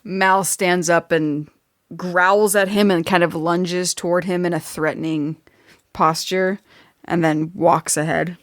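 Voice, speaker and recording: Woman, low voice, direct player, dry recording. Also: steady tone, slow, no echo. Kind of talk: casual chat.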